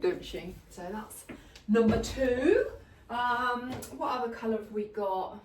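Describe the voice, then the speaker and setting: A woman's voice: on the high side, unhurried, a little mellow, slight background noise. A woman chatting casually and rambling a little as she pots up plants in a greenhouse. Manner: chatty and rambling, lots of ums and likes. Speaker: gardening vlogger. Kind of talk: casual chat while potting plants. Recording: roomy, mic at a distance.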